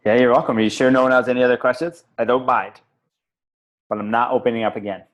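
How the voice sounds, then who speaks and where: A man's voice: mid-range voice, fairly even intonation, fast, rough recording. A man on a group call telling a personal story casually, rambling with lots of fillers and the odd swear word. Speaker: call participant.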